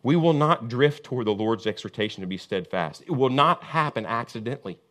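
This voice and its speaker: A man in the pulpit delivering an impassioned sermon. His pitch climbs and plunges widely as he repeats his points, rising to booming emphasis and then dropping to hushed intensity. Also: expressive, fairly quick. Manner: impassioned, repetitive cadence. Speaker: pastor.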